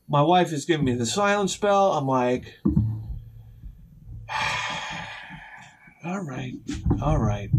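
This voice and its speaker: A middle-aged man telling a rambling, profane story as a video host, sometimes shouting as he acts out his panic. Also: fairly high pitch, a little hiss or hum. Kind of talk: casual storytelling vlog.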